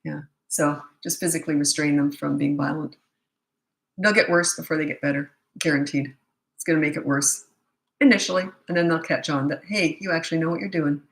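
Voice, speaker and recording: Brisk, blunt woman parenting coach. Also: deep voice, steady tone, echoey room, rough recording. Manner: blunt, brisk and matter-of-fact, with quick asides. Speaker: parenting coach answering live questions. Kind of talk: live Q&A chat.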